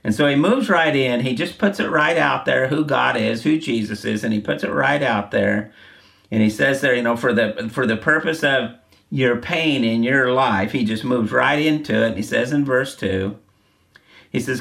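A man's voice: mid-range voice, moderate pace, gravelly, a bit bright. A man preaching a sermon, earnest and repeating key phrases for emphasis. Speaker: pastor.

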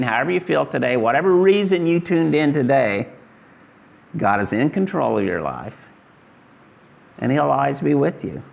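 An older man from Kansas preaches in a folksy, earnest way, speaking. His voice has a gravelly, creaky edge at an ordinary middle pitch. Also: fairly bright tone. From Kansas, USA. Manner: earnest, folksy, rises high when voicing Jesus. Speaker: pastor. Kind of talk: testimony sermon.

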